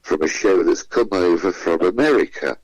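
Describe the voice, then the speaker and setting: With a deep, darkish voice at a moderate pace, a man appears as a guest comedian on the radio, spinning chatty stories and imitating the people in them. The recording is dry and rough.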